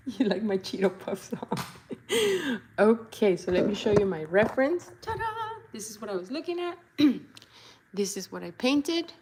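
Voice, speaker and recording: A young woman talks casually while she paints, playful and chatty, often slipping into goofy voices and little jingles. Her voice is warm and mellow with a soft, breathy edge. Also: medium pitch, sing-song, unhurried, long pauses. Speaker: body painter and vlogger.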